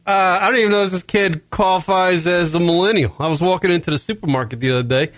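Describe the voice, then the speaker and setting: A man's voice: high voice, quick pace, dry recording. Foul-mouthed man telling a story. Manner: animated, swears constantly, frequent fillers. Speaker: podcast co-host. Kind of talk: profane comedic storytelling.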